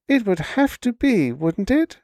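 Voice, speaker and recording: A man's voice: sits high, big pitch swings, a little slow, dry recording, clean studio sound, pitched above the performer's own voice, exaggerated voice. A man putting on a snappish young receptionist. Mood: gentle. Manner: snappish, then briefly gentle. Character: exasperated young female receptionist.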